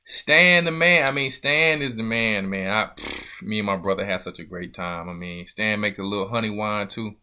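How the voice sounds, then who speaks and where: A man's voice: lowish voice, steady tone, brisk, sharp tone, slight background noise. A man, a church elder, hosting a loose, joking livestream chat with viewers. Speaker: church elder and show host.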